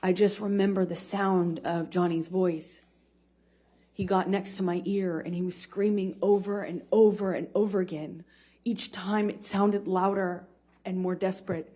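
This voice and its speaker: A woman testifying as a witness in a courtroom, speaking haltingly with many pauses and restarts. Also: lowish voice, steady tone, dark tone. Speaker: trial witness.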